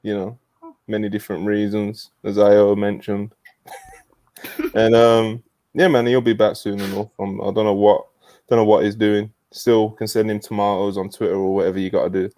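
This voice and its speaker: A man's voice: on the low side, level tone, normal speed, warm tone, no room sound. A man co-hosting a podcast in a casual chat, easygoing and laid-back. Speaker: podcast co-host.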